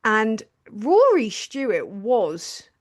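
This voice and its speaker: A woman's voice: fairly high pitch, very animated, extremely slow. A woman hosting a casual live-stream chat, talking in a chatty, hesitant way with lots of fillers. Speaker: host.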